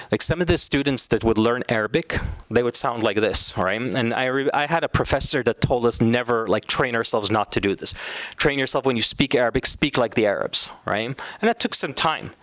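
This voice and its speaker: A man's voice: mid-range voice, a bit bright, dry recording. A man teaching an Islamic studies class in a casual, conversational way, now and then acting out quoted speakers.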